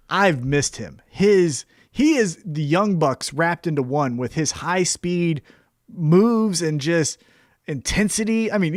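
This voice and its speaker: A man hosting a podcast in an upbeat, casual way. His voice sits a bit high for a man, and the recording is dry and close. He moves things along from one segment to the next. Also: dry recording. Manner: upbeat, walks through the show segments. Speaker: podcast host.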